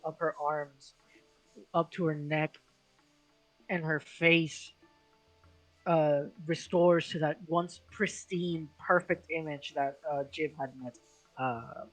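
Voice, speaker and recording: A game master narrating a tabletop game in a casual, halting way, with many fillers. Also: medium pitch, poor audio.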